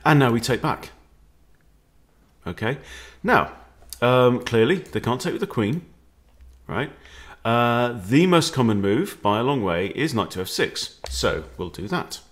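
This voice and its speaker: A man's voice: medium pitch, unhurried. A man, a chess coach walking through openings in a playful, jokey way. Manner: playful, animated, jokey with exclamations. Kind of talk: chess lesson walkthrough.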